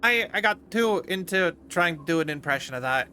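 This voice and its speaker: A man's voice: on the high side, animated, fairly quick, pushed and bright, slight background noise. A man streaming a game, chatting casually with viewers in a rambling, jokey way. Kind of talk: casual gameplay commentary.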